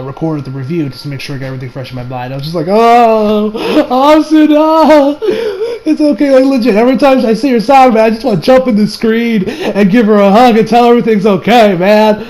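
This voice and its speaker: Man, high-pitched, excitable, rambling, slangy casual review, faint background hiss. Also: poor audio. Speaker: anime reviewer.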